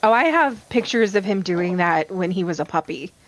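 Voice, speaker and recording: A woman chatting casually during a group game stream, relaxed and a little hedging. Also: on the low side, moderate pace, a little hiss or hum, rough recording. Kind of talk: casual chat.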